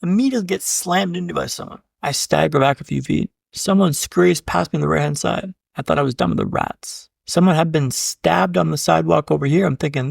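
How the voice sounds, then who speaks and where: A man's voice: a little high, fast talker, creaky, hardly any pauses, no echo, clean studio sound. A man, a keynote speaker and podcast guest, telling a story with punchy repeated beats, often addressing the host by name and swearing casually. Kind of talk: dramatic storytelling.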